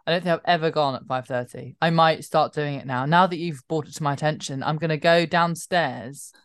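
A woman's voice: low-pitched, brisk, no room sound. A woman co-hosting a casual radio chat, with a dry, cheeky, teasing delivery. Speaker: radio co-host.

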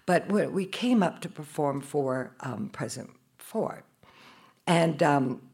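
An older woman and choreographer, telling animated stories in a live interview and acting out the dialogue. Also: low-pitched, slow pace, breathy edge. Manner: animated storyteller acting out dialogue, laughing often. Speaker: choreographer guest. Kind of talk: live podcast interview storytelling. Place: live at a dance festival.

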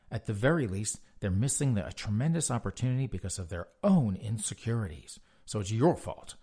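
A man's voice: lowish voice, creaky, a little mellow, slightly rough. A man reading news articles aloud and mocking them with sarcastic asides. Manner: mocking asides between read-out passages.

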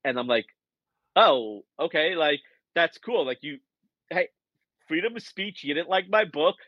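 A man's voice: on the high side, a little slow, no room sound, lo-fi sound. A man telling a story in a casual podcast conversation, acting out the quoted lines as he goes. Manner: animated storyteller, acts out quoted dialogue. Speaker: guest, author.

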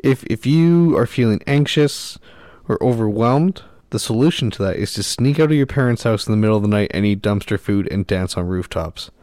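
A man co-hosting a movie podcast, giving wry, deadpan complaints in casual chat. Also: lowish voice, fairly quick, no room sound. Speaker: podcast co-host.

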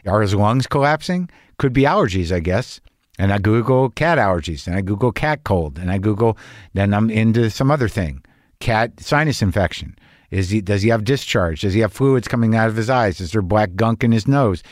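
Riffing neurotically and crudely, an older man hosts a podcast, shifting between comedic monologue and casual talk. He is animated, with a fairly low pitch at normal speed, captured dry in a clean studio.

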